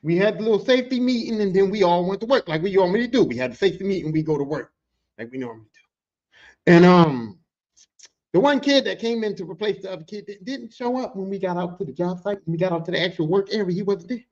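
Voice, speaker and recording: High-voiced profane storytelling man. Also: fast, highs cut off. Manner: profane, animated, jumps into quoted voices. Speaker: podcast host telling work stories. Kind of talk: casual storytelling.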